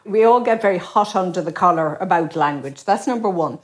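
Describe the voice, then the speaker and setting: A middle-aged Irish woman, a professor guest, explaining things quickly with plenty of examples. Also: on the low side. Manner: quick, expository, uses examples. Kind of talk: explanatory interview talk.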